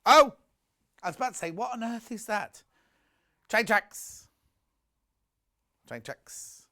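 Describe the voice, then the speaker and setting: A man's voice: high voice, lively intonation, slow, pushed and bright. A man presenting a live home shopping broadcast, chatty and gushing, reading out viewer messages as he shows products.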